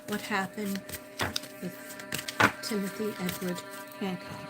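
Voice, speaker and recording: Over background music, a woman psychic medium gives a livestream reading, calling out to a missing man and repeating his name as she searches. She speaks slowly, her voice medium-pitched and level.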